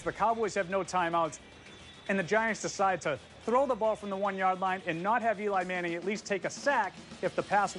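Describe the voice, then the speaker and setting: A man's voice: sits high, a bit bright. A man co-hosting a sports show, arguing his picks in a casual, emphatic way and leaning on "listen" and "I think.". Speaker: co-host, sports analyst. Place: luxury suite at a stadium.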